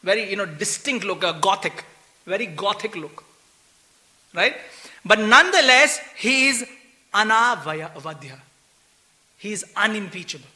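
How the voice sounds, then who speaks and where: High, very bright-voiced male temple lecturer. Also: measured pace, long pauses. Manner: chatty, animated retelling, chuckles often, many "you know" fillers. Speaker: lecturer at a temple scripture class. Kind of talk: scripture class lecture with storytelling. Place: temple hall.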